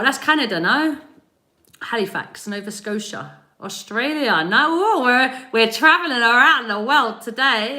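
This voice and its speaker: A woman's voice: a little high, bright, forceful tone. A British woman hosting a live spiritual reading stream, chatting casually, greeting viewers by name and laughing often. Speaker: spiritual reader and livestream host. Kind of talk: casual livestream chat. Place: home in Spain.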